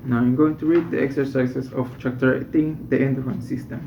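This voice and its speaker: A man reading medical English textbook passages and exercises aloud, slowly and deliberately, stopping to correct himself. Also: mid-range voice, steady tone, creaky, noisy background. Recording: dull echoey room recording.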